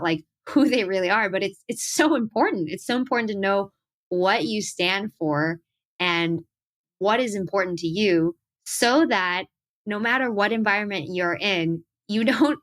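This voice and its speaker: A young adult woman, a singer-songwriter, telling animated stories in a casual interview, acting out quotes and laughing often. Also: medium pitch.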